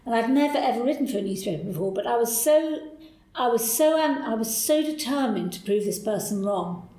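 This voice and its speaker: A woman guest telling stories from her career in a lively, animated way. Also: on the high side, a little fast, reverberant, poor audio. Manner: lively, animated storyteller, voices people in quotes. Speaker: podcast guest. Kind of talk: candid interview storytelling.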